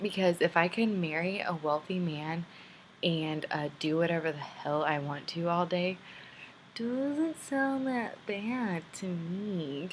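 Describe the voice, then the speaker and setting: Young woman, twenties, low voice, candid rambling video letter, faint hiss. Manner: rambling, candid and self-deprecating. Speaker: vlogger.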